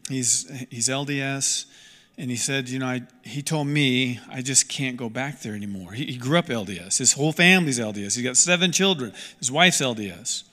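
A man's voice: medium pitch, brisk, sharp tone, big-room sound. A man preaching a sermon as a pastor, earnest and emphatic, repeating key lines and restarting sentences as he goes.

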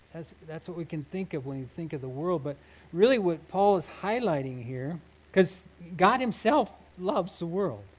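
A man preaching a sermon, earnest and emphatic, often restarting his phrases and breaking into soft laughs. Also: on the high side, rough recording. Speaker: pastor.

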